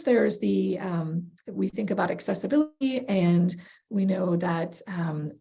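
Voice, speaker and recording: A woman's voice: medium pitch, creaky, warm tone, husky. A woman presenting on a video call webinar, explaining steps with frequent fillers.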